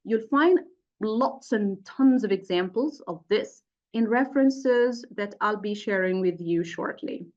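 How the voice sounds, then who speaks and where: A middle-aged woman leads an online training lesson for teachers. She speaks slowly and deliberately, pausing on fillers as she works through each point. The audio is dull and lo-fi, like a computer mic on a video call. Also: mid-range voice, darkish tone. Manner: explains step by step with many fillers. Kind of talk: webinar lecture.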